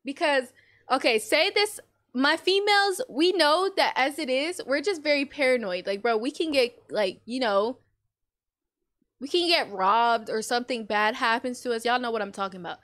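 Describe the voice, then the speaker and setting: A young woman reacting to a video with blunt, slangy chatter. Her voice sits a little high, and her talk is casual and quick to laugh. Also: lively intonation, a bit bright. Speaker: reaction vlogger.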